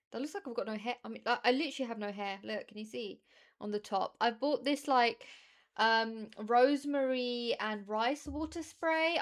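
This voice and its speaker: Chatty British woman streamer. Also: medium pitch. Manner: chatty, rambling, self-deprecating. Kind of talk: casual livestream chat.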